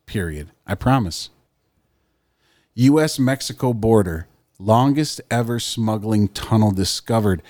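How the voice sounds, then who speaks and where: A man's voice: lowish voice, expressive, unhurried, a little mellow, no room sound. A man co-hosting a podcast, joking and swearing in rambling casual chat. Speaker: podcast co-host.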